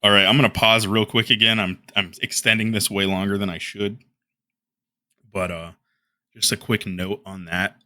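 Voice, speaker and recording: A man's voice: on the low side, little pitch movement, normal speed, bright, forceful tone, no room sound. A man delivering heated commentary as a YouTuber, ranting and trading insults.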